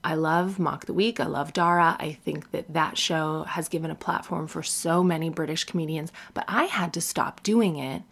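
A woman comedian speaks with a low-pitched voice. She is blunt and profane, and she stays frank and cutting throughout. She mocks her critics in sarcastic put-on voices. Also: moderate pace, creaky, few pauses, a bit bright. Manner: blunt and profane, mocking men in exaggerated voices. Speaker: stand-up comedian.

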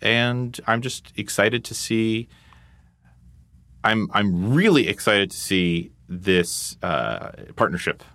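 Podcast co-host, lowish bright male voice, irreverent jokes, dry close mic. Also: lively intonation, slow pace, no room sound. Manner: joking, irreverent. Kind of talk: casual chat.

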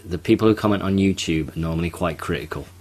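Podcast co-host, male, very low voice, chatty, jokey asides. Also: darkish tone. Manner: chatty, quick asides, laughs at own jokes. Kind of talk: casual podcast chat.

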